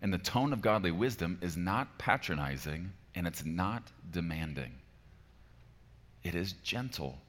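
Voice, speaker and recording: Male pastor, forties, low voice; emphatic sermon delivery that swings soft to loud, long reverb of a large hall. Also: lively intonation, measured pace.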